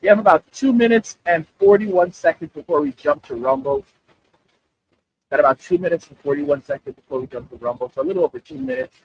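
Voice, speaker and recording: Animated, gravelly male livestream host. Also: on the high side, quick pace, no echo, dull audio. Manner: animated, repetitive, addresses chat directly. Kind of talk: casual livestream commentary.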